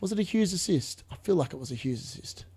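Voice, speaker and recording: A young man hosting a live fantasy football watchalong, excitable and gloating, laughing often and repeating himself. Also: fairly high pitch, fast, slightly rough. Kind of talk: live stream commentary.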